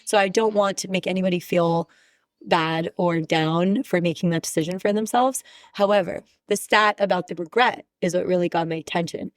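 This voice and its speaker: A woman's voice: fairly low pitch, moderate pace, no room sound, studio quality. A woman guest on a podcast who speaks candidly and with emphasis, sharing her views in casual conversation. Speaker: podcast guest, relationship expert.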